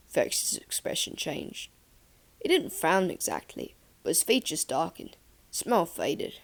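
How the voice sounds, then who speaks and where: Woman, audiobook narration, calm and steady, very lively intonation. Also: sits low, measured pace, creaky.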